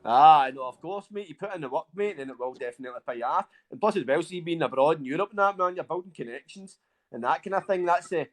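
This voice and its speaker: Fast-talking Glaswegian host, swearing. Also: male voice, fairly high pitch, lively intonation. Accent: Glaswegian Scottish. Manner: swears freely, chummy, says aye a lot. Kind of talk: casual chat.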